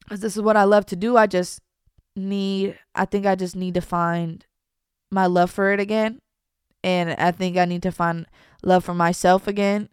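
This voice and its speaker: Young female vlogger, confessional chat, subdued and hesitant delivery, clear smooth tone, dry close sound. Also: mid-range voice, no echo. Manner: halting, trails off, many restarts and fillers; soft and downcast, at times nearly whispering.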